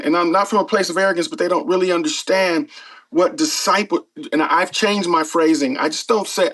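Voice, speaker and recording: A man's voice: high-pitched, normal speed, rough recording. A middle-aged man, a pastor and former pro football player, telling stories in an earnest, casual way, with frequent fillers. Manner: earnest, animated when retelling, frequent fillers. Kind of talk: casual storytelling interview.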